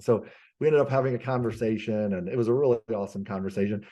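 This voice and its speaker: A man's voice: fairly low pitch, quick pace, warm tone. A man being interviewed as a business coach, telling stories animatedly with lots of fillers and restarts. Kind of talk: conversational podcast interview.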